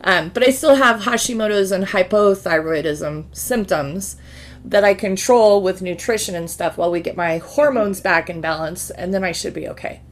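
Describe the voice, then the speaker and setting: A woman's voice: mid-range voice, normal speed. A woman chatting casually, filling her sentences with "like" as she talks. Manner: chatty, fills with "like" a lot. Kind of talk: casual conversation.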